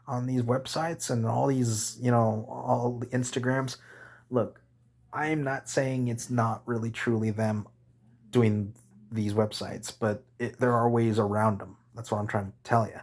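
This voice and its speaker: A man with a low, husky voice rants to his camera, blunt and exasperated. He swears freely, stumbles, and stops to take back what he just said. His delivery is rambling and candid. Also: fairly even intonation, normal speed, darkish tone. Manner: frustrated, blunt, swearing, rambling with self-corrections. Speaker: vlogger.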